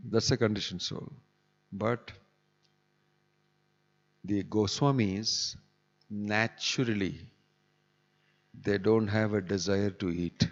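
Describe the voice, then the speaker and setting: A man giving a scripture class in a temple, talking conversationally with chuckling asides. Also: fairly low pitch. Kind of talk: sermon. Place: temple hall. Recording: dull echoey hall recording.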